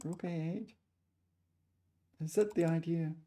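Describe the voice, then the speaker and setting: A woman chess player thinking aloud while solving puzzles, muttering her move calculations in short fragments, a little hoarse. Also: on the low side, fairly even intonation, slow, mellow.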